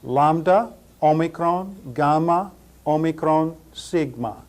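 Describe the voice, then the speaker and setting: A man's voice: a little high, takes it slowly, a little mellow. A man teaching New Testament Greek pronunciation. He spells out letters and repeats each word several times. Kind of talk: slow spoken pronunciation lesson.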